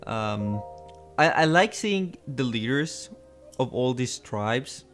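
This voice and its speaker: A man's voice: medium pitch, animated, slow pace, soft background music. A man co-hosting a casual podcast, thinking aloud in a hesitant, musing way. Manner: thoughtful, hesitant, many restarts and fillers. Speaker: podcast co-host. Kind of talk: casual chat.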